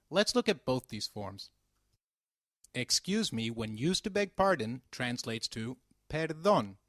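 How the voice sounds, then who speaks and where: A man teaching a beginner language lesson, speaking slowly and carefully enunciating each word, with patient prompts and praise. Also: a little high, no echo, clean studio sound.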